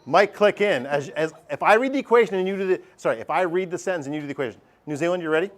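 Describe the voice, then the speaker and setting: A man teaching math in a classroom, pitched a touch high. He jokes with his students and keeps the lesson lively and direct. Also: rapid-fire. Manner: lively, joking, talks straight to students.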